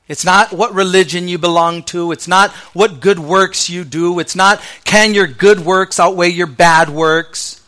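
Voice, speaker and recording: Bright-voiced male pastor preaching. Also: high-pitched. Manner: conversational preaching with slang asides; drops to soft, quiet delivery on key lines. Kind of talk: sermon.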